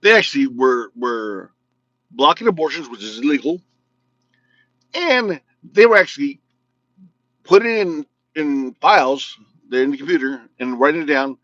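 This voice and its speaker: A man's voice: a little high, big pitch swings, normal speed, pauses often, fairly bright tone, no room sound, highs cut off. A man from Illinois hosting his own video show, talking in a blunt, joking, ranting way, with slightly slurred, mumbly speech. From United States, Illinois. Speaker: vlog host. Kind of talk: casual political rant to camera.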